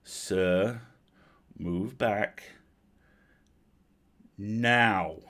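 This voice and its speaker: A man voicing a tired, grim male elf captain who barks halting one-word commands in a heavy accent. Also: lowish voice, a bit bright. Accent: heavy foreign accent, halting.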